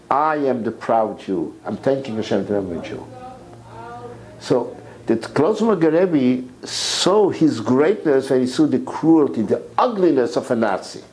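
A man giving an impassioned sermon lecture, repeating words as his voice climbs to near shouts. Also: mid-range voice, rough recording. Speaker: rabbi lecturer.

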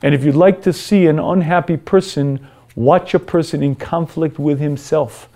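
A man's voice: a little high, steady tone, normal speed, warm tone. Earnest man giving a moral lecture. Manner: earnest, storytelling, frequent throat clearing.

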